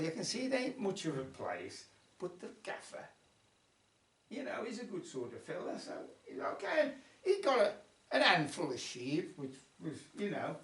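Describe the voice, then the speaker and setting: A man voicing a boastful, womanising male sheepdog who chats on as he tells his life story, recorded at a folk club. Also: fairly high pitch. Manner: chatty yarn-spinning, bragging. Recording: roomy club sound from far off.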